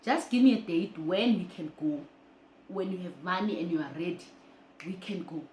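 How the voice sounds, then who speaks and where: A woman voicing an older female healer who speaks low, hushed and measured. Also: slight background noise, close to an everyday voice. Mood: patient. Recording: roomy echo.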